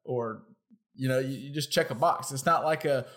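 A man co-hosts a podcast in casual chat, rambling and laughing often. His mid-range voice is a bit bright and moves at normal speed.

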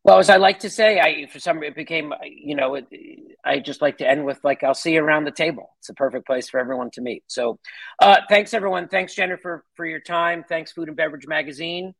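A man's voice: on the high side, a little fast, vocal fry, fairly bright tone, no echo, low-quality recording. A man who hosts culinary events, chatting casually as an interview guest, rambling with restarts in a friendly way.

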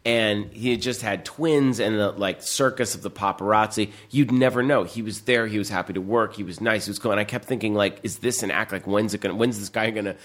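A man in his forties, a film director, telling animated behind-the-scenes stories in casual chat, full of "like" and swearing. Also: on the low side, fairly quick, hardly any pauses. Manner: animated storytelling, heavy filler and swearing.

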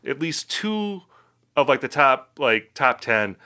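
A man from the middle of the country hosting a sports podcast, ranting with mock outrage in an animated way. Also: mid-range voice, slow pace, clean tone. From Wisconsin, middle of the country. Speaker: podcast host.

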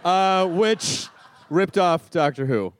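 A man's voice: high voice, slow, clear, resonant tone. A man hosting a podcast live on stage, chatting with a guest. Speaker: podcast host. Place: live stage before an audience.

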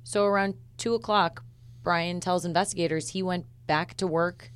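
A woman reporter co-hosting a true-crime podcast, laying out facts in a measured, methodical way. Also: lowish voice, fairly even intonation, clear, resonant tone. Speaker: reporter and co-host.

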